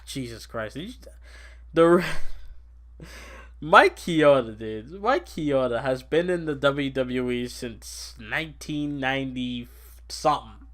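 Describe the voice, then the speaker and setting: A young man hosting a casual podcast, rambling excitably about wrestling and laughing often. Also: mid-range voice. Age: young adult. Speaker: podcast host. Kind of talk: casual wrestling recap chat.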